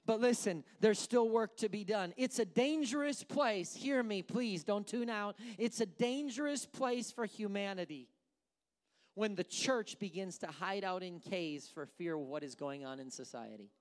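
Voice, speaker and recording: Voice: medium pitch, animated, unhurried. A pastor preaching an impassioned sermon to a congregation watching online, building intensity through repetition.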